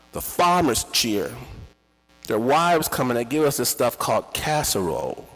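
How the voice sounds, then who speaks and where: A man telling a dramatic, emotional personal story at a slow pace at a live event. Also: lowish voice, very animated, fairly bright tone. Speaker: storyteller and podcast host. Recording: reverberant hall.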